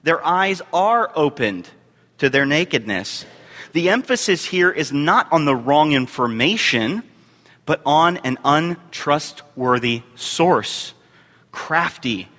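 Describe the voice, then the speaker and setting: Bright-voiced man preaching in a reverberant hall. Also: a little high, animated. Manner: measured scripture reading with emphatic rises. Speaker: youth and family minister. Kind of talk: sermon.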